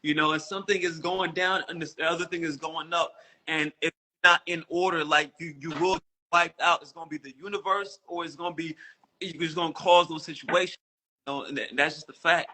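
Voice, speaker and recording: A man with a somewhat high, very bright voice speaks in a casual chat. He rambles earnestly in long, loose sentences full of filler phrases. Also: fairly even intonation, a little fast. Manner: rambling and earnest, with many "you know" fillers.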